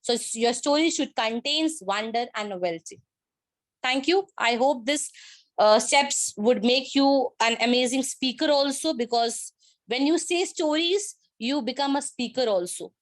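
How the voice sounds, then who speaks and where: A high-pitched woman with an Indian English accent delivers a workshop talk on a video call. She keeps her wording simple and stresses each point with repetition. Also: a little slow. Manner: simple wording, emphatic, repeats key phrases. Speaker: presenter in an online workshop. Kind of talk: speaking-skills presentation.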